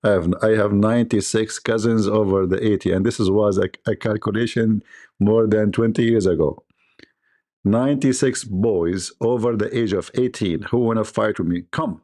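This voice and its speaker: A man's voice: on the low side, moderate pace, darkish tone. A man hosting a livestream, giving mocking commentary in a sarcastic manner, laughing often and mimicking voices. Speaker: livestream host.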